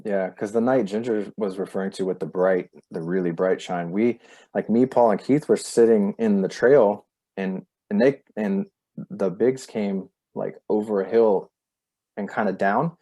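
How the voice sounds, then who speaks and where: A man's voice: fairly low pitch, unhurried, warm tone. A man hosting a casual podcast chat, telling stories in a rambling way with many fillers. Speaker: podcast host.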